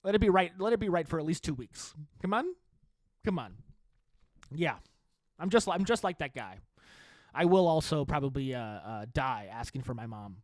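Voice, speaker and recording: A man's voice: fairly high pitch, lively intonation, normal speed, long pauses, no room sound. A man hosting a solo podcast, talking in a sarcastic, self-mocking way with frequent swearing and laughter. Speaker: podcast host. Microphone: studio microphone.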